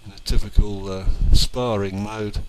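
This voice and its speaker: A man in his sixties, from England, narrating old family home movies in an unhurried, reminiscing way with fillers and small restarts. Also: lowish voice, steady tone, very noisy. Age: 60s.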